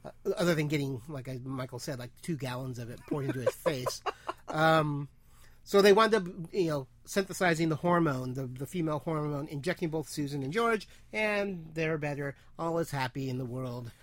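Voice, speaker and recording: A man's voice: fairly high pitch, moderate pace. Chatty man hosting a podcast. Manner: chatty, laughs often, acts out quotes. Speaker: podcast host. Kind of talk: casual chat.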